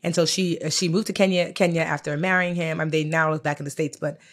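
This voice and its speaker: A woman co-hosting a podcast in a studio, telling a story in an animated, chatty way. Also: sits low, fast talker. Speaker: podcast co-host. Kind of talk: casual chat.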